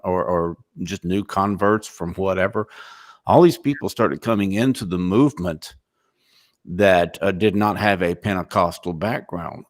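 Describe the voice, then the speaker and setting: A middle-aged man on a Christian livestream panel, explaining church history in a steady, matter-of-fact way. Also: sits low, no room sound, clean studio sound. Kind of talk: casual discussion.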